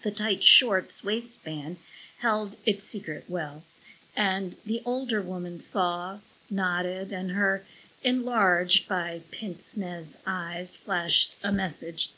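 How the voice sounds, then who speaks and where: A woman reading a story aloud as an audiobook narrator. Her delivery is slow and measured, with a very bright tone and a husky edge. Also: mid-range voice, low-quality recording.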